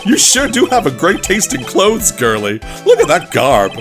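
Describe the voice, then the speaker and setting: A man's voice: on the high side, wildly swooping pitch, moderate pace, voice pushed up. A man voicing a brash, joking adult male circus clown over game music. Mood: boisterous. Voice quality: brash, wisecracking.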